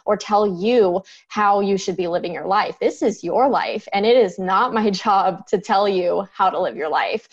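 A woman's voice: mid-range voice, lo-fi sound. A woman behavior analyst, a guest in an interview, explaining her work earnestly and laughing lightly now and then. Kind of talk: interview conversation.

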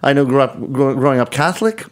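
A man's voice: mid-range voice, animated, fast. A middle-aged man, a guest storyteller on a podcast, explaining things thoughtfully and often restarting his sentences. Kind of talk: conversational podcast interview.

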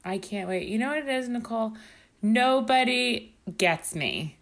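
A woman's voice: on the high side, unhurried, vocal fry, a bit bright. A woman co-hosting a podcast in casual chat, joking about herself and speaking candidly. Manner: joking, self-deprecating and candid. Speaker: podcast co-host.

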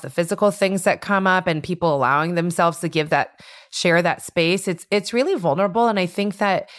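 A woman's voice: lowish voice, a bit bright. A woman co-hosting a casual podcast chat, talking reflectively and using "like" often. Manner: reflective, heavy use of "like".

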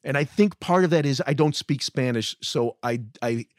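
An American man co-hosts a podcast, recounting a road story in a casual, self-deprecating way and restarting himself often. His mid-range voice moves at a moderate pace, and the clean studio recording has no echo.

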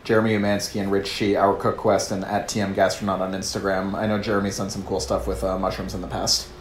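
Low-voiced man in an echoey room. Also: little pitch movement, fast talker. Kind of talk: casual chat. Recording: echoey room, faint noise.

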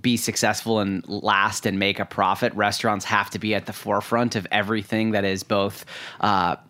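A man hosting an interview, asking measured, long-winded questions. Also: on the low side, little pitch movement, pushed and bright. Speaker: podcast interviewer.

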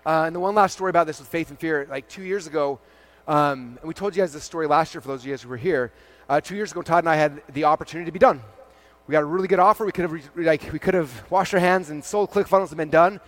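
Fast-talking man telling stories on stage. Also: fairly high pitch, a bit bright. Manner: acts out dialogue with "I'm like" and "he's like", lots of fillers. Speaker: keynote speaker at his company's event. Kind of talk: animated storytelling talk to a live audience.

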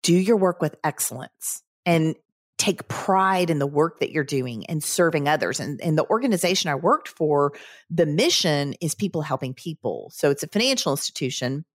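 A woman in her fifties speaks as an interview guest, recounting events earnestly and vividly. Her voice sits low. The recording is dry and close, with no room around it. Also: lively intonation, normal speed, no echo. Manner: earnest, vivid recounting with quoted inner thoughts. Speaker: guest, credit union CEO. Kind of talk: personal storytelling in a podcast interview.

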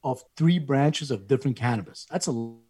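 Husky middle-aged man telling a story. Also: brisk. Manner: animated, acts out quoted voices with rising pitch. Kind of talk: casual conversational storytelling.

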